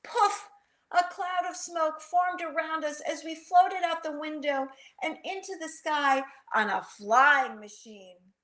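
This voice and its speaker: Woman reading a children's storybook aloud, high lively voice, bright tone, unhurried, asks the kids questions.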